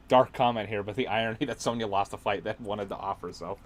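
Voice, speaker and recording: A man's voice: fairly low pitch, fairly quick. A man streaming games, chatting casually and ranting sarcastically with plenty of swearing. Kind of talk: casual livestream chat.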